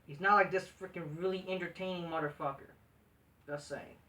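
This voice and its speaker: Brief: woman host, wrestling review rant, sharp bright tone, swears a lot, sarcastic, off-mic slightly. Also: on the low side, steady tone, brisk, distant mic. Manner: profane, repeats "like" and restarts often, sarcastic. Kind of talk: ranting show review.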